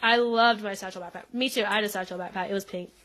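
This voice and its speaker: A woman's voice: mid-range voice, steady tone, quick pace, fairly bright tone. A young woman co-hosting a podcast, chatting casually and laughing often, with lots of "like" fillers. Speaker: podcast co-host. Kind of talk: casual recap chat.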